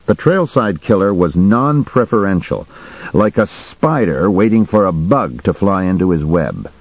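Male narrator, deep and husky, dry close sound, measured first-person read. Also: animated, no echo, low-quality recording.

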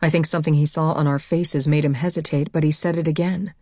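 A woman narrating a first-person audiobook in a steady, measured way on a close mic. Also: low-pitched, dry recording.

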